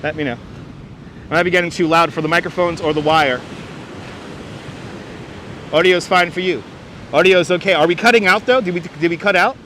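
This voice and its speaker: A high-pitched, slightly bright man hosts a casual beach livestream at normal speed, pausing often, wearing a clip-on wireless mic amid faint wind and surf noise. He reads viewer comments aloud and jokes dryly, with mock-announcer asides.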